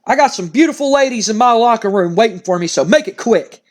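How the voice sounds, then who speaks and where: A man's voice: sits high, lively intonation, fast talker. A man voicing a cocky, arrogant male pro wrestler with a brash, sneering drawl.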